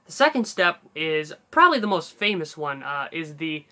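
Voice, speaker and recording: A man's voice: a little high, very animated, normal speed, sharp tone. A man hosting a casual voice-impression tutorial, talking in a rambling way with fillers and restarts. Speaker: YouTube voice tutorial host.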